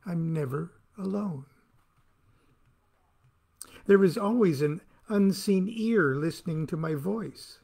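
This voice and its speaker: A man's voice: high-pitched, takes it slowly, gravelly, long pauses, a little mellow. A man reading aloud from his own book, with a wry, theatrical delivery that plays to the listener.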